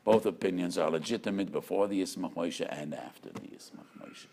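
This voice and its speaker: A man, a rabbi, giving a measured, emphatic Torah lecture with storytelling. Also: low voice, creaky, mellow.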